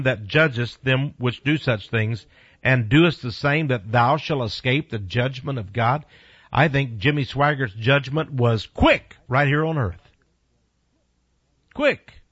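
A male preacher delivering a forceful sermon, lurching from quiet to loud and from low to high. He slows right down to read scripture deliberately, and he talks to his listeners bluntly and directly. His voice sits in a middle range and comes through a dull, lo-fi recording with no room sound. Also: dry recording. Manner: emphatic preaching with big swings in pitch and loudness; reads scripture slowly and deliberately.

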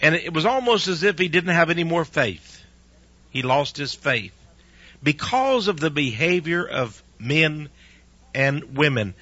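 Male radio preacher, earnest, bright voice with a breathy edge, dull lo-fi sound. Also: a little high, expressive, measured pace, no room sound. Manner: earnest, preachy, uses rhetorical questions. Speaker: radio preacher and show host. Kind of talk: conversational radio sermon.

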